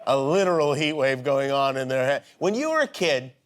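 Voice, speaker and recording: A middle-aged man hosting a late-night talk show, prompting his guest with quick questions. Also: medium pitch, sing-song, noisy background. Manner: quick, prompting interviewer who laughs along.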